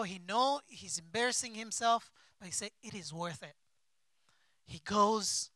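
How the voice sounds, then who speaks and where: A man preaching a sermon as a pastor, with impassioned delivery and big swings between soft and loud. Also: sits high, no room sound. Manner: acts out quoted figures in his own voice. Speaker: pastor and missionary.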